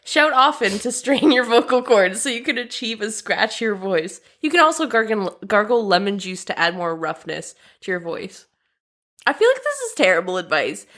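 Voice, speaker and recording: A woman's voice: medium pitch, very animated, normal speed, a bit bright. A woman from Canada co-hosts a comedy podcast in loose, casual chat. She reads out instructions and tosses in dry comments, laughing easily, close to a podcast microphone. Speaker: podcast co-host.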